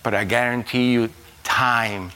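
A man preaching a sermon in a slow, halting way, repeating words and swinging suddenly between a low murmur and a high, loud cry. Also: steady tone, clean tone. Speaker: pastor.

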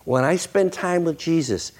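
A male pastor preaching a sermon to a congregation, jokey and animated, slipping into playful voices for quoted lines. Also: fairly high pitch, moderate pace. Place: church sanctuary with congregation.

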